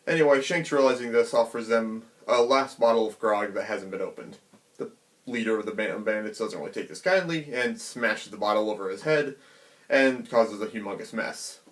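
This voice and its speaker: A man casually retelling a comic chapter in an animated, chatty way, acting out the characters' quotes. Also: fairly low pitch, moderate pace. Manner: animated, chatty, many fillers. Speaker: manga reviewer.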